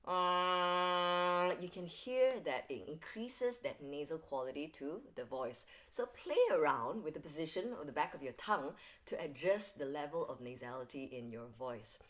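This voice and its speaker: In an instructional video lesson, a woman who teaches singing walks through vocal technique step by step, regularly asking "all right?" Her voice sits low with lively intonation, and she keeps a moderate pace with few pauses.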